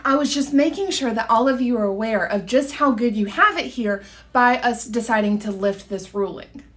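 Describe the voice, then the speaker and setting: A woman's voice: on the high side, normal speed, close to an everyday voice. A woman voicing a pompous female salon owner addressing her staff. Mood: haughty. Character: haughty female salon owner, self-important.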